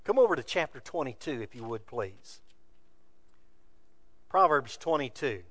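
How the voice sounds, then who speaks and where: A man preaching a sermon from scripture, building to loud emphatic peaks and dropping to quiet asides. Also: mid-range voice, very animated, unhurried, no room sound. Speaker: pastor.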